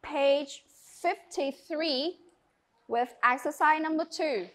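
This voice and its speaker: A woman with a Vietnamese accent, teaching an English class and giving slow, deliberate instructions in a classroom. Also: high-pitched. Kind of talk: classroom lesson.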